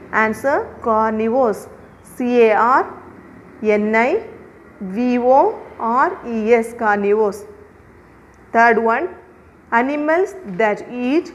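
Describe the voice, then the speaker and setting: A woman's voice: on the high side, dull audio. A woman teacher going over a revision lesson, dictating answers and spelling words out letter by letter.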